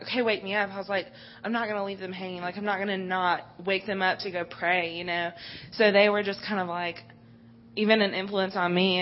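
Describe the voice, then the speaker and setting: A woman, a camp counselor, sharing a personal testimony, emotional and halting, close to tears. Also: mid-range voice. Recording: dull lo-fi audio with faint hum.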